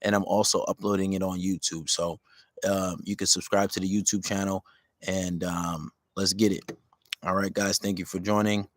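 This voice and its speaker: A man with a fairly low voice talks through listener questions on a casual podcast. His delivery is relaxed and rambling. The sound is dry and close. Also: no room sound. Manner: laid-back, rambling, low-key and unhurried. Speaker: podcast host.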